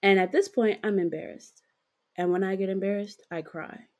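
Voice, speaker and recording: A woman's voice: mid-range voice, fairly even intonation, moderate pace, a little mellow. A young woman co-hosting a podcast, retelling a dream in a rambling, giggly way with lots of fillers and casual swearing. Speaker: podcast co-host.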